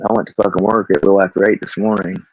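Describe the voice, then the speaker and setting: A man's voice: low voice, fairly even intonation, racing. A man ranting about his workday to camera, rambling and swearing, laughing often. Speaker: vlogger. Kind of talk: casual rant. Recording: dull, lo-fi, dry recording.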